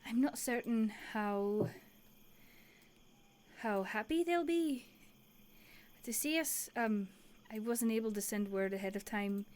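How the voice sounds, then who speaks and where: A woman's voice: on the high side, slow, pauses often, a little mellow. A woman voicing a kind, nervous young woman driving a cart, hesitant and full of fillers.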